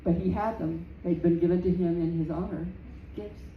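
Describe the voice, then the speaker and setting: A woman storyteller telling a folktale live in a community center room, slow and dramatic, repeating phrases for effect. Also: on the low side, fairly even intonation, phone-quality sound. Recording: roomy, distant, faint background noise.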